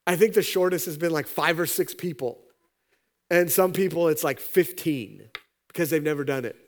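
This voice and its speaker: A man preaching a sermon, his voice sitting a bit higher than most men's. He tells a parable with lively energy, jumping up in pitch whenever he acts out the characters, then dropping low and quiet for the serious points. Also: normal speed. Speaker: pastor.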